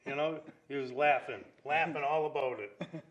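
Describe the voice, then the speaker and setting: A man, telling lively neighborhood stories in a casual chat. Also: fairly high pitch, normal speed, dull audio. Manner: lively storyteller, acts out quoted dialogue. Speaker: guest storyteller.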